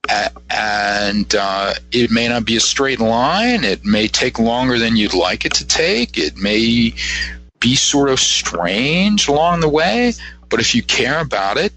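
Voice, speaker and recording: Ohio guy on a radio show, bright slightly husky voice, encouraging, lots of "you know". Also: medium pitch, expressive, takes it slowly, low-quality recording. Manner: earnest, encouraging, many restarts and "you know". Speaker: psychic guest. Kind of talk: radio interview talk.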